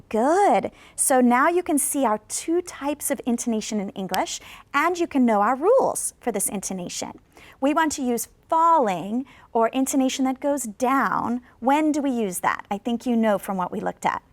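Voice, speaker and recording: A woman teaching an English lesson in a scripted classroom style, encouraging viewers to answer and modeling sentences slowly for them to repeat. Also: on the high side, dry recording. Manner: slow, carefully drawn-out model sentences for repetition; encouraging, coaxes replies from viewers. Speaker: ESL teacher. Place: studio.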